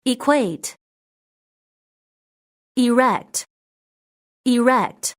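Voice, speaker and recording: This is a woman reading a vocabulary list aloud for students. She says every word twice at an unhurried, deliberate pace. Her voice sits a little high, and each word is cleanly separated from the next. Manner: reads each word twice with even, careful enunciation. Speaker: vocabulary reader.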